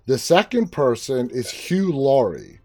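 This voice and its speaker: A man's voice: medium pitch, very animated, a little slow, dark tone. A man hosting an interview, asking eager, curious questions with frequent restarts. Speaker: interview host. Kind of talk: casual interview chat.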